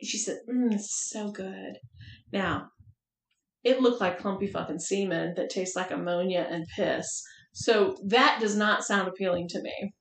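A woman's voice: mid-range voice, normal speed, vocal fry. Frank, laughing woman storyteller. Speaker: podcast host. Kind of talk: casual chat. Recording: roomy echoey room.

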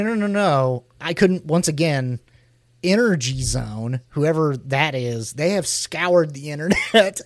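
A man co-hosting a casual chat, laughing often and telling stories with animated energy. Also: a little high, no room sound, studio quality. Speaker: podcast co-host.

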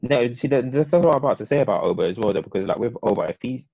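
A man co-hosting a casual football chat, talking in long, animated, opinionated runs. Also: medium pitch, rapid-fire, creaky, no room sound, lo-fi sound.

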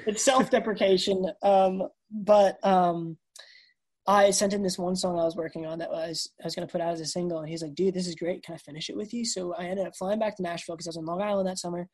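A woman's voice: fairly low pitch, fast talker. A woman in her twenties, a guest musician, telling a story animatedly on a video call and acting out the quoted dialogue. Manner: animated, acts out quoted dialogue, says dude and bro. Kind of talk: casual storytelling interview.

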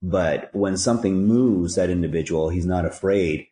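A man's voice: low voice, moderate pace, mellow, roomy sound. A man speaking as a podcast guest, telling stories and giving earnest, preachy life advice with rhyming catchphrases. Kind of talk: conversational storytelling and life advice.

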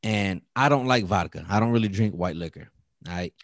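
A man's voice: deep voice, brisk, no echo, studio quality. A man hosting a podcast in loose, profane casual chat, a bit tipsy from drinking. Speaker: podcast host.

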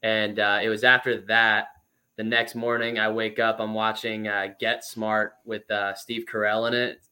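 Bright-voiced young man telling stories. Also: on the low side, a little slow, clear, resonant tone. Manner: lively, chatty storytelling with many fillers. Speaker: former pro baseball player, guest. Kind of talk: casual storytelling interview.

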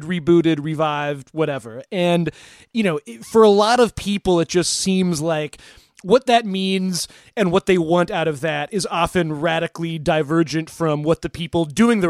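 Casting: male podcast co-host with a high, lively voice, dry close mic. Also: no echo. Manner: animated, mock-emotional, rambling. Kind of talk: casual podcast discussion.

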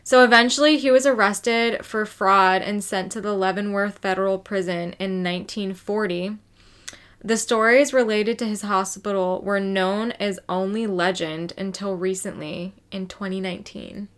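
A woman's voice: mid-range voice, fairly even intonation, normal speed, fairly bright tone, clean tone. A woman co-hosting a casual true crime podcast, telling the story in a loose, swearing, chatty way.

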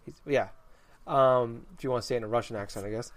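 A man's voice: medium pitch, quick pace. A man in an easygoing conversation, his voice sitting right in the middle of the usual range. He circles around his point, stumbling over words and starting sentences again and again. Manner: rambling, many restarts while explaining. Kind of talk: casual chat.

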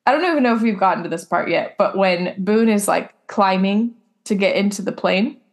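A woman's voice: mid-range voice, fairly quick. A young adult woman co-hosting a podcast, chatting casually and rambling with many fillers. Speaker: podcast co-host. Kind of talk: casual chat.

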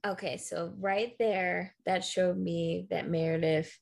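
A woman's voice: on the low side, fairly even intonation, takes it slowly, gravelly. A woman co-hosting a podcast, chatting casually, giving blunt opinions and laughing often. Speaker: podcast co-host. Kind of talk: casual chat.

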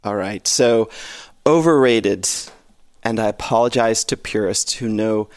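A man's voice: fairly low pitch, measured pace, clear, resonant tone, no echo. A man giving his opinions as a podcast guest, wry and opinionated, with laughs in his talk. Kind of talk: casual podcast chat.

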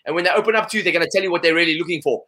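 A man talking as an interview guest, animated and full of "you know" fillers. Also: fairly high pitch, racing. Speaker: guest, salesperson. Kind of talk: conversational interview.

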